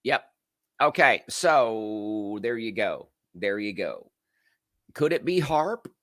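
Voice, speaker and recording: A man hosts a casual livestream with a lively, up-and-down voice that swings through a wide pitch range. He fires off rhetorical questions and answers them himself. He speaks to viewers in the comments, and the sound is close and dry, with no room echo. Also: takes it slowly. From United States. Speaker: livestream show host.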